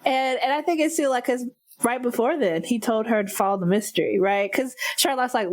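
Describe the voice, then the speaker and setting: Animated woman podcast co-host. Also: a little high, brisk. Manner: animated, laughing often, talks to listeners as y'all. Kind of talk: casual chat.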